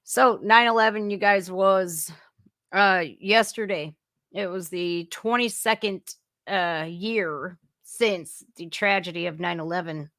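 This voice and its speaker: A woman's voice: on the low side, slow pace, a bit bright, no room sound, studio quality. A woman in her forties hosting a casual political reaction livestream, blunt, profane and sarcastic. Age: 40s. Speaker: livestream host.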